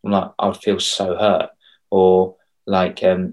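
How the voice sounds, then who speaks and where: A fairly low-voiced young man talks in a relaxed podcast chat about confidence. He tells animated stories and acts out the voices of the people in them. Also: measured pace. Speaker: confidence coach for kids.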